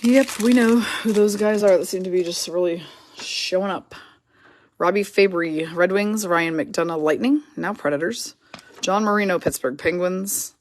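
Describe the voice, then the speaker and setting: A woman hosting a live card break, quickly reading out player names and teams and chatting with viewers in the comments. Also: on the low side, a little hiss or hum. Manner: brisk, reads names and teams in quick lists, chats with viewers.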